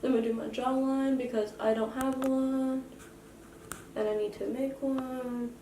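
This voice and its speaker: A young woman makeup vlogger chats through a casual tutorial, joking about herself as she explains each step. Her high voice is steady and unhurried but sounds far from the mic, with roomy echo and a noisy background.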